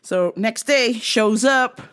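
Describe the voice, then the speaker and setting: A woman's voice: on the high side, takes it slowly, a bit bright, smooth. A woman telling a comic story in a profane, sarcastic way. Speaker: host. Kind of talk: comedic storytelling.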